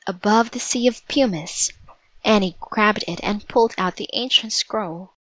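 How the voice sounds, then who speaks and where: A woman narrating a storybook in a measured, vivid read-aloud manner. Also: medium pitch, fairly bright tone, no echo, poor audio.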